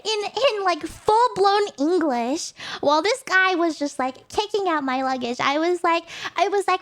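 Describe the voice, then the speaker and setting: A young woman streamer casually telling a story, animated and laughing often, with lots of "like" fillers. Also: very high-pitched, measured pace, few pauses.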